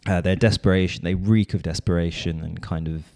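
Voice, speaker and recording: Low, dark-voiced man chatting about film. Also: steady tone, a little fast, gravelly, dry recording, studio quality. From London. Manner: rambling, filler-heavy, with restarts. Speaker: podcast co-host. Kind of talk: casual film discussion.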